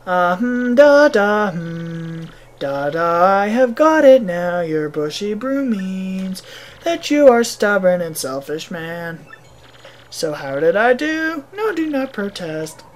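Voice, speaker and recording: A woman voicing gruff male bomb villagers with a deliberately clumsy mock Russian accent, clipped and theatrical. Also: deep voice, fairly even intonation. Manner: terse, clipped, theatrical, with "da" fillers.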